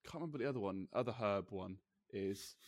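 A man hosting a podcast in casual chat, laughing often and talking quickly. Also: fairly low pitch, no room sound, studio quality. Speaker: podcast host.

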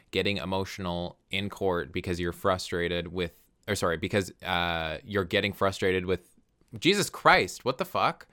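A man's voice: sits low, sharp tone, smooth, no room sound, clean studio sound. A man in casual chat who swears freely and reads articles aloud.

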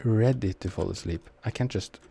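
A man's voice: lowish voice, moderate pace, creaky, dark tone, slightly rough. A young man with a Norwegian accent giving casual, rambling, self-mocking commentary while he plays a shooter. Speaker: gamer commenting on his match.

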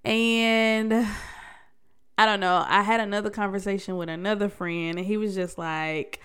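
A woman's voice: mid-range voice, steady tone, normal speed, a bit bright, clean tone. A young adult woman hosting a solo podcast, talking candidly in a slangy, conversational way with frequent restarts. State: congested. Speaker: podcast host. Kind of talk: casual solo podcast talk.

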